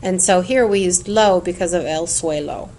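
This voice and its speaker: A woman teaching Spanish in a recorded lesson, explaining clearly and patiently and chanting word lists in a sing-song rhythm. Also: on the low side, moderate pace, darkish tone, a little hiss or hum.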